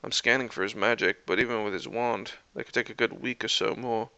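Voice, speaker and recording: A man voicing a scheming male trickster god who speaks quietly, idly and measured. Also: fairly low pitch, fairly even intonation, creaky, dry recording, lo-fi sound. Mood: calm.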